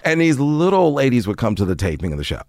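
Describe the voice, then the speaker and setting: Animated man with a gravelly voice. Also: mid-range voice, quick pace, dry recording, clean studio sound. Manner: animated anecdotes, acting out voices of people in his stories. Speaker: guest comedian. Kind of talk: casual storytelling chat.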